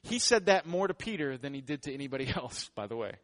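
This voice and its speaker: A man's voice: mid-range voice, very animated, quick pace, a bit bright. A man preaching a sermon in a joking, conversational way. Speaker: pastor.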